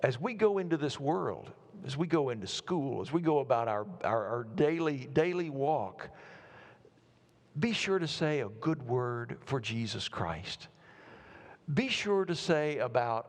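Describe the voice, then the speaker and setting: A male preacher delivers a sermon with earnest conviction. He builds through emphatic repetition, then slows to soft, weighty phrases. His voice sits at an ordinary pitch and carries a long reverb from a large sanctuary. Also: sing-song. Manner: earnest, rises to emphatic repetition, then drops to slow quiet words. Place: church sanctuary.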